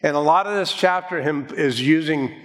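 A man preaching an expository sermon as pastor. He explains calmly and slows down to stress key words. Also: on the high side, long reverb tail. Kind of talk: expository Bible teaching sermon.

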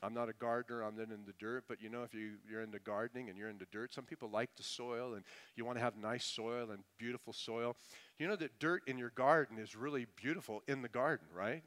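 A middle-aged male pastor preaching a sermon, swinging between loud emphasis and hushed asides. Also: mid-range voice.

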